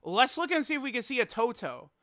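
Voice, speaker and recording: High, bright, exasperated young man. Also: sing-song, fast, dry recording, studio quality. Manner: exasperated, laughing, rambling with stammered restarts. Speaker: gaming YouTuber. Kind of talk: casual reaction commentary.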